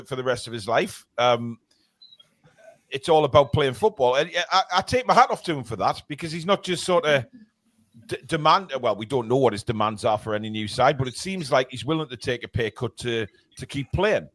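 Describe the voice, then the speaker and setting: A man's voice: mid-range voice, expressive, brisk, a bit bright, no room sound. A man hosting a casual fan podcast, rambling and laughing as he reads out viewer comments. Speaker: host of a fan forum show.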